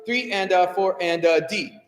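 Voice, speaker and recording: A high-pitched man leads a choir rehearsal in a roomy hall with a long, ringing reverb. He gives brisk notes, counts the singers in and sings short syllables to show the phrasing, while music plays between his instructions. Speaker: choir director.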